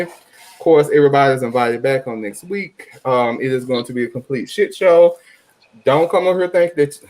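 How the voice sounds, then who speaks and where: A man hosting a casual group chat on an online call, loud and joking, swearing freely. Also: on the high side. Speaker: podcast host.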